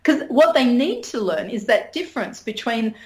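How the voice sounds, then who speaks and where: A woman's voice: on the high side, animated, normal speed. A middle-aged woman, talking frankly as an interview guest and laughing often. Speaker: interview guest, sex educator. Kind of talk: candid conversational interview.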